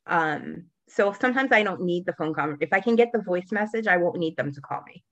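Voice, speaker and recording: A woman with a slightly low voice co-hosts a podcast in easy, casual chat. She talks with confidence, often circling back and restarting her sentences. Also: animated, a bit bright, no room sound, dull audio. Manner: chatty, self-assured, halting restarts. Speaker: podcast co-host.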